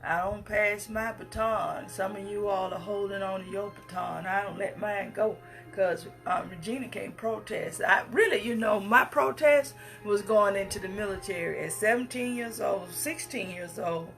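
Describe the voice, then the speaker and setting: A woman's voice: mid-range voice, moderate pace, gravelly, a bit bright, faint music behind. A woman, giving an impassioned speech with emphatic, repetitive phrasing. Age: 50s. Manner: emphatic, repetitive, preacher-like cadence. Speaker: speaker addressing the public.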